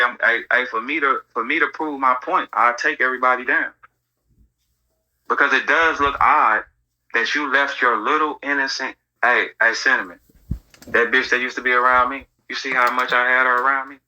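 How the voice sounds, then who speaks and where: A man hosting casual commentary, telling stories in an animated, profane way. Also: mid-range voice, rough recording. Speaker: host.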